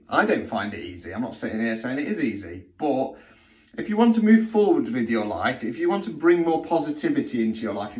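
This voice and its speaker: A man's voice: mid-range voice, darkish tone, distant mic. A middle-aged man, giving a blunt, sweary spiritual healing talk that he keeps punctuating with "okay?". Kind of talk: blunt direct-to-camera monologue. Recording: roomy sound from off the mic.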